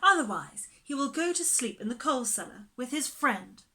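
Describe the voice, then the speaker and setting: Woman as a brisk, firm nanny. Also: high-pitched, big pitch swings, sharp tone, pitched above the performer's own voice, exaggerated voice. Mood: matter-of-fact. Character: calm, brisk, matter-of-fact nanny.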